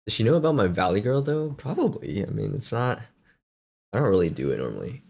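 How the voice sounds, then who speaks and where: A man's voice: fairly low pitch, very animated, a little fast, vocal fry, darkish tone, slightly rough. A man streaming a casual chat, self-mocking and laughing often between sentences.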